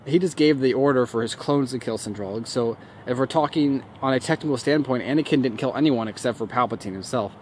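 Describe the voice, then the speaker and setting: A man's voice: medium pitch, darkish tone. A man hosting his own channel, chatting loosely and rambling through viewer comments while standing outdoors near a street. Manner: loose and rambling, many fillers. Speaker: YouTube host. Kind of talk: casual talk to camera answering comments. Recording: faint street noise outdoors. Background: faint traffic.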